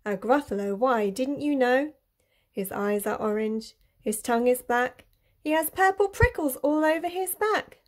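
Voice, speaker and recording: A woman's voice: sits high, animated, measured pace. Woman doing a cheeky little storybook mouse. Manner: cheeky, sing-song rhyming. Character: boastful clever little male mouse.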